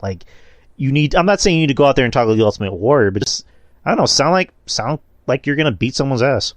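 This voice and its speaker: A man's voice: mid-range voice, lively intonation, quick pace, dry recording, studio quality. A man talking in casual podcast chat, blunt and opinionated, with casual swearing.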